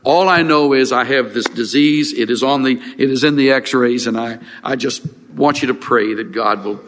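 An older man preaching a sermon as a pastor, earnest and halting, with frequent restarts and fillers. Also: mid-range voice, fairly bright tone. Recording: long reverb of a large hall.

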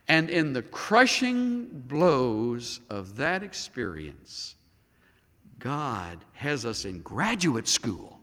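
A man preaching a sermon as a pastor, dramatic, swinging between loud emphasis and hushed near-whispers. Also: mid-range voice, big pitch swings, slow. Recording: long hall reverb.

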